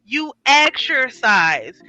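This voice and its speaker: A woman's voice: high voice, very animated, extremely slow, pushed and bright, faint music behind, poor audio. A woman co-hosting a casual chat, bubbly and profane, cheering on her co-host. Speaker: podcast co-host.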